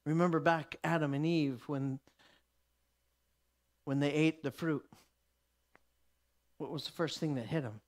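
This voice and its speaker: A man's voice: fairly high pitch, fairly even intonation, measured pace, long pauses. A man teaching a sermon emphatically, often restarting his sentences. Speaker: Bible teacher.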